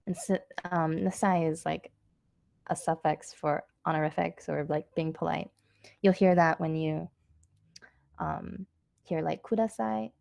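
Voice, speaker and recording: A woman giving a casual online language lesson, chatty and loose with lots of fillers, saying practice phrases slowly and clearly. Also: low-pitched, fairly even intonation, darkish tone, dry recording, studio quality. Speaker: Japanese language teacher.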